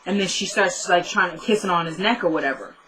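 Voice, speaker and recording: A young woman recapping a TV episode in a casual vlog, chatty and excitable, rambling with lots of "like"s. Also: fairly low pitch, fast, slight background noise. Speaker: TV show reviewer.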